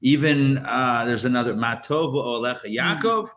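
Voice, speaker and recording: A man's voice: medium pitch, normal speed, a bit bright. A man teaching a live Torah class as a rabbi, chatty and full of fillers and restarts, with joking asides.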